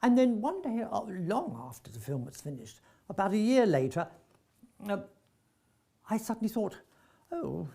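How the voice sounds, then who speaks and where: Story after story comes from this older North London man, a veteran actor reminiscing about his career. His husky voice is high and paced normally. He brings scenes to life by performing the dialogue, though he frequently stammers and begins again.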